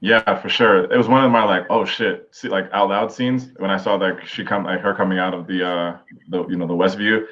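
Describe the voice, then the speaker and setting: A man co-hosting a casual podcast, rambling and excitable, filling his talk with "like". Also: low-pitched, fairly quick, few pauses, dull audio. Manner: rambling, lots of "like" fillers, excitable. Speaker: podcast co-host. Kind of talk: casual pop-culture discussion.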